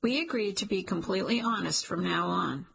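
A woman reading the lines of an earnest young man in an audiobook, gently teasing and sincere. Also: mid-range voice, big pitch swings, normal speed, creaky, slightly rough, full character voice.

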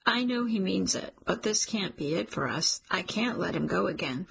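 A woman's voice: medium pitch, animated, moderate pace, creaky, fairly bright tone, slight background noise, low-quality recording. A woman narrating a romance audiobook in first person, intimate and emotional.

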